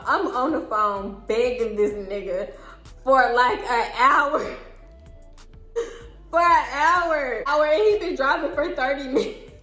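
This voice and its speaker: A woman's voice: a little high, echoey room. A young woman in her twenties telling a dramatic personal story in casual vlog style, laughing and acting out her own lines. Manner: animated, laughing, dramatic re-enactments. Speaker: storytime vlogger.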